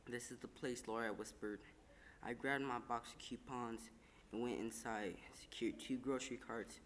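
Man calmly narrating in an echoing room. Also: medium pitch, a little hiss or hum. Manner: calm, measured storytelling with small slips. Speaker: reader. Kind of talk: scripted narration of a first-person story.

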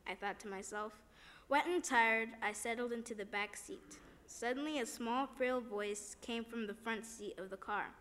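A woman's voice: on the high side, normal speed, a bit bright. A woman reading a first-person devotional story aloud, plainly, with small slips and restarts.

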